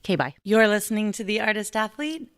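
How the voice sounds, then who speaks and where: A woman hosting a podcast, reading a chatty, fast-paced intro and promo. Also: mid-range voice, expressive, fairly bright tone. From United States. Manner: chatty, upbeat, rushed. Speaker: podcast host.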